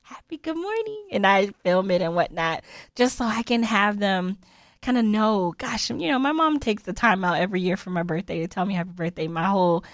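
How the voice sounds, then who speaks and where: A woman in her forties talks through a personal story in a loose, chatty monologue, laughing often as she goes. Her voice sits at an ordinary middle pitch. The sound is close and dry, with no room around it. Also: no echo.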